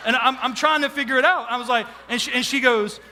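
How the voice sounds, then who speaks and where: Pastor guy preaching, bright sharp voice, lots of likes and fillers, gets hushed and earnest. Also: very high voice, fast talker. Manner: animated storytelling, many fillers, quiet emphatic close. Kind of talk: sermon with personal story. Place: church sanctuary.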